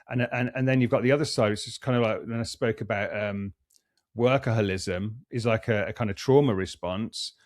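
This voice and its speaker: A middle-aged man, a coach and performance psychologist, speaks as a podcast guest in a fairly low voice, recorded with studio quality and no room sound. He reflects earnestly in a conversational, explaining way, often restarting sentences and repeating words as he thinks.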